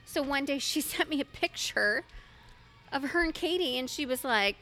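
A bright, clear-toned woman in her thirties chats as a podcast co-host. She tells her stories in an animated, chatty way and often breaks into laughter. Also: sits high, normal speed, faint music behind. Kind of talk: casual podcast chat.

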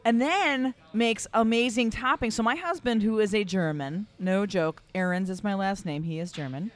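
A woman's voice: mid-range voice, moderate pace. A woman guest on a casual podcast chat, talking in a gushing, enthusiastic way.

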